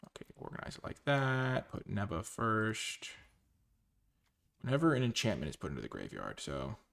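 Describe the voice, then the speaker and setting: A man commentating his own card game matches casually, excitable and full of exclamations. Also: lowish voice, normal speed, creaky.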